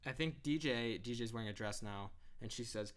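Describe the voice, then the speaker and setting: A man's voice: medium pitch, a little fast, clear, resonant tone. A young man co-hosting a podcast, recapping an episode from his notes in a dry, sarcastic, casual way. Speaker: podcast co-host.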